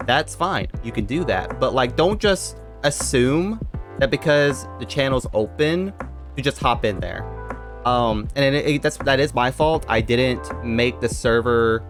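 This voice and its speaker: A young man chats casually on a live stream, rambling and addressing his viewers directly. His voice sits at an ordinary mid pitch. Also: fairly bright tone. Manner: rambling, talks straight to chat.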